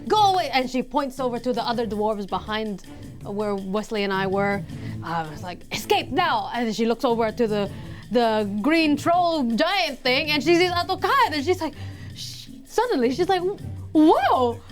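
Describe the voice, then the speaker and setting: A woman's voice: on the high side, expressive, normal speed, faint music behind. A woman narrating her character's turn as a player in a tabletop game, counting out moves. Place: studio.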